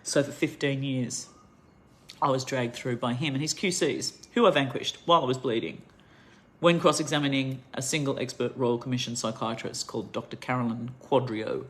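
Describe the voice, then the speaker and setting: A woman's voice: very deep voice, steady tone, moderate pace. A middle-aged Australian woman giving an angry, impassioned monologue straight to camera, ranting with heavy emphasis. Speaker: vlogger.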